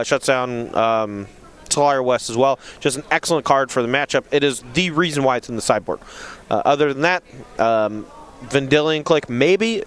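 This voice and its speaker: A man with a Southern US accent doing relaxed, chatty live commentary on a card game match. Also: medium pitch, clean tone. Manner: relaxed and chatty, uses many fillers.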